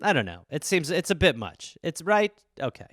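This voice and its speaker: High, bright-voiced man riffing comedy. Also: very animated, moderate pace, dry recording, clean studio sound. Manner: rambling, acts out voices in bits. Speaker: podcast host. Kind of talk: comedic solo monologue.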